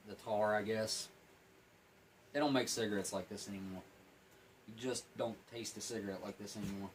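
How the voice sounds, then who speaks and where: A man's voice: on the low side, slight background noise, poor audio. A plain-spoken man giving a casual, rambling food review while eating and smoking, sometimes talking with his mouth full. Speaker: MRE reviewer.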